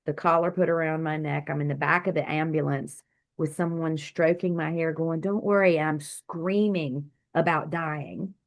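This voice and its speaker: Low-voiced woman telling a vivid story. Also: normal speed. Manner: vivid, animated storytelling with acted quotes. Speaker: guest, doctor and healer. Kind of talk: storytelling interview over video call.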